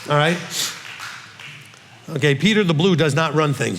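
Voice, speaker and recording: A man, a rabbi, teaching in a relaxed Q&A, stressing each point and checking in with "okay?". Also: fairly high pitch, moderate pace, big-room sound, a little hiss or hum. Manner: emphatic, ends points with "okay?". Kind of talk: conversational Bible teaching.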